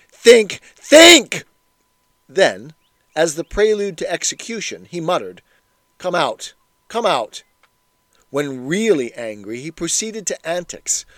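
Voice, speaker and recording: Man narrating a memoir, slightly high voice, wry and measured delivery. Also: darkish tone, dry recording. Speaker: reader.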